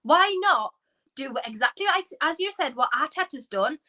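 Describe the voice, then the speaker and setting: A woman co-hosting a podcast, giving animated, opinionated football banter in casual chat. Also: high-pitched, low-quality recording. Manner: animated, opinionated, quick asides. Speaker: podcast co-host.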